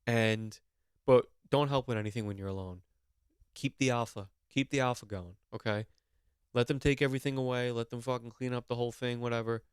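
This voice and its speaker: A brash young man holds forth on a comedy podcast, issuing profane, mock-serious instructions. His voice is smooth and resonant, caught close in a dry, dead room at a middle pitch. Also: steady tone, a little fast, no room sound. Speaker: podcast co-host.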